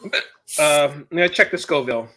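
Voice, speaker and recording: Casual co-host, man, bright and a bit high, groans and gasps through a spicy challenge on a video call. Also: a little fast. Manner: groaning, gasping through a hot-sauce challenge. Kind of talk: casual chat.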